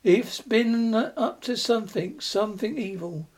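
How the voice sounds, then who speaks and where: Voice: medium pitch, a little slow, a little mellow. Narrator voicing an old country postmaster, frightened, folksy grammar, storybook reading. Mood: urgent warning. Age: older. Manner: secretive rustic warning, folksy grammar.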